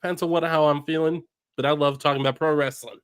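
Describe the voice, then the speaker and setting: A man on a casual wrestling livestream, plugging his own weekly stream in a relaxed, chuckling way. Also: a little high, fast, clean tone, dry recording, clean studio sound.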